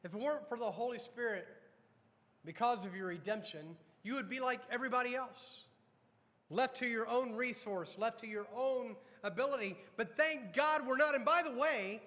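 A pastor preaching a sermon to his congregation, emphatic, questioning the room and dropping low and slow on weighty lines. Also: pushed and bright, big-room sound. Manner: addresses congregation directly with repeated questions. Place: church sanctuary.

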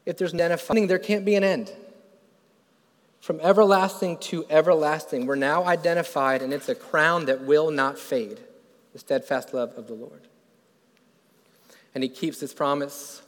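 Fervent preacher in a reverberant hall. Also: male voice, fairly high pitch, steady tone, normal speed, pauses often. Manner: builds from quiet to loud and fervent; asks the congregation questions. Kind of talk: sermon.

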